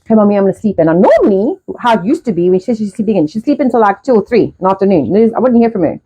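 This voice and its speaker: A middle-aged woman hosting a casual live stream, talking fast in a rambling way and swearing often. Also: mid-range voice, sing-song, warm tone, slightly rough. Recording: dull lo-fi live-stream audio.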